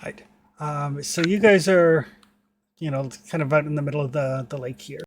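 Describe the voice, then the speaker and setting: A man running a tabletop game as game master, narrating with many pauses and fillers. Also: on the high side, a little hiss or hum. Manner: hesitant, filler-heavy narration.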